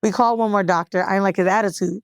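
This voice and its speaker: A woman co-hosting a podcast, telling a long story in casual, profane chat with lively voiced quotes. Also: mid-range voice, fast, no echo, studio quality. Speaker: podcast co-host.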